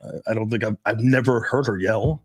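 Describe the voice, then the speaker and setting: A man's voice: fairly low pitch, fairly even intonation, fairly quick, breathy edge. Blunt, profane man on a podcast. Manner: profane, blunt, storytelling with laughs. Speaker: dating coach, podcast host. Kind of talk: casual podcast chat.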